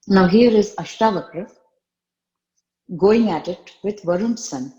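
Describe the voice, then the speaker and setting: A woman's voice: medium pitch, measured pace, long pauses, mellow, reverberant, dull audio. A woman retelling a spiritual story in a conversational way, often repeating phrases for emphasis.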